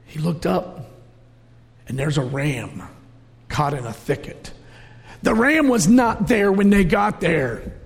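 Middle-aged male preacher, high gravelly voice, emotional storyteller, big reverberant church hall. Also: big pitch swings, slow pace, pauses often. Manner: storytelling, emotional, rising to shouts. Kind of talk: sermon.

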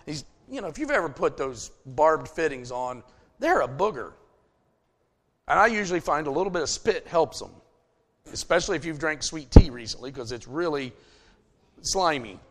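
Middle-aged guy preaching, high voice that swings all over, folksy stories, big reverb hall. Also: animated, moderate pace. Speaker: pastor. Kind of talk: sermon.

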